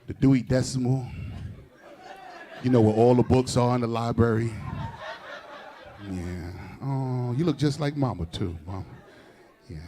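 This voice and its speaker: A man's voice: medium pitch, a little mellow. A man doing crowd-work stand-up with a New York accent, teasing audience members and laughing between jokes. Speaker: stand-up comedian. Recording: live crowd in the room. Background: audience laughter and claps.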